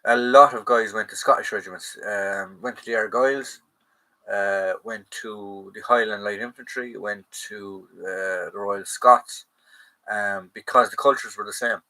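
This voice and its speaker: A man's voice: lowish voice, fairly even intonation, measured pace, sharp tone, rough recording. An Irish man hosting a casual livestream Q&A, chatting loosely, reading viewer comments aloud and answering them, and correcting himself as he goes. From Ireland. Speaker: host of a live chat stream.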